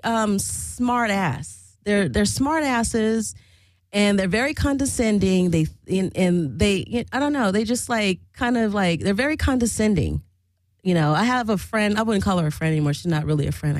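A woman radio host tells a story in a loose, casual monologue, blunt and crude and quick to laugh. Her voice sits at an ordinary middle pitch, and the sound is dry and close with no room echo. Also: expressive.

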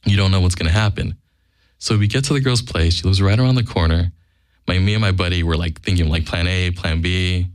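Deep-voiced blunt man telling a story. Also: fairly quick, no echo, studio quality. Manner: blunt, acts out quoted dialogue. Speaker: guest storyteller. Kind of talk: casual profane anecdote.

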